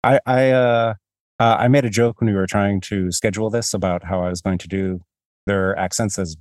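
A man's voice: on the low side, fairly even intonation, moderate pace, a little mellow, dry recording, clean studio sound. A man hosting a podcast, talking through a book in a rambling, self-deprecating way with many restarts. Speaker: podcast host. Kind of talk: casual book discussion.

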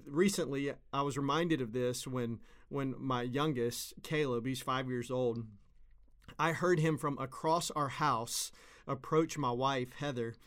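A man in his thirties, a pastor, giving an earnest, conversational devotional sermon and repeating phrases for emphasis. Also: medium pitch.

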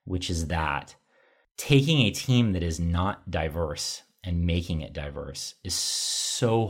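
A deep-voiced man, middle-aged, talks in a guest interview with a husky, slightly breathy tone. He is reflective and self-deprecating, circling back and restarting his sentences as he thinks aloud. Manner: thoughtful, self-deprecating, many restarts and "you know". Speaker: company executive, guest. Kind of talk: conversational interview answers.

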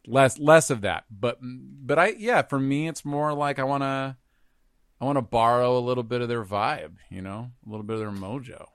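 A man's voice: mid-range voice, normal speed, no room sound. Guy musing casually on a podcast, laughs a lot, dry sound. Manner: reflective, laughs often, trails off.

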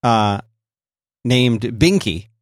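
Easygoing man, expressive casual talker. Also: mid-range voice, drawn-out words, dry recording, clean studio sound. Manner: easygoing and expressive, laughs readily, retells family talk. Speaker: podcast co-host. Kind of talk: casual chat.

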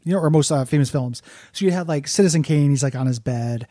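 Podcast dude rambling through a story, warm mellow voice, dry close mic, a bit high. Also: male voice, quick pace, no room sound. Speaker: podcast co-host. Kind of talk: casual chat.

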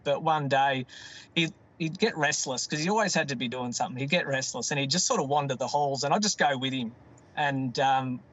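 A man's voice: medium pitch, fairly quick, a bit bright. A middle-aged man with an Australian accent, telling family stories in a casual, rambling way. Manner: rambling, self-interrupting, laughs at his own stories. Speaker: guest. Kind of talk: casual storytelling.

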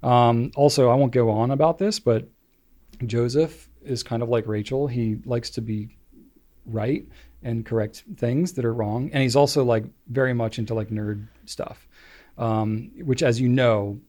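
A man's voice: medium pitch, fairly even intonation, a little slow, mellow. A man co-hosting a podcast in casual chat, rambling along with lots of filler words. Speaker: podcast co-host.

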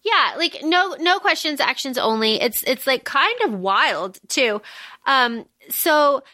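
A woman co-hosting a podcast, recapping a book in animated, casual chat full of "like" and "um", and swearing freely. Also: high-pitched, slow pace, no room sound. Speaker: podcast co-host.

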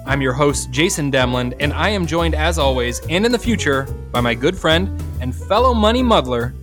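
A man's voice: a little high, lively intonation, moderate pace, music in the background. Playful man hosting a podcast. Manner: playful, bantering. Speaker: podcast host. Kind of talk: casual chat.

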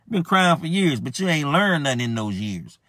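A man's voice: on the high side, very animated, a little fast, a bit bright, no echo. Male preacher, casual fiery sermon, repeats his points and calls listeners out, dry close-miked sound. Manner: emphatic, repetitive, colloquial, calls listeners out directly. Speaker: self-described prophet preaching. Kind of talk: impassioned informal sermon.

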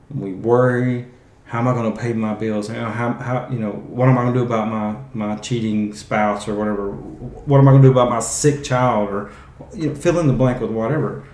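A man's voice: mid-range voice, normal speed, a little mellow, echoey room. A man hosting a casual Bible teaching podcast, talking conversationally and often restarting his phrases. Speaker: podcast host.

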